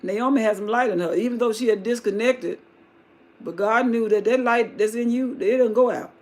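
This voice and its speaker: A woman's voice: on the high side, normal speed, a little mellow. A woman hosting a live stream, reading a Bible story aloud and mixing in folksy, slangy asides. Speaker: livestream host reading scripture. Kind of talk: Bible reading with casual retelling.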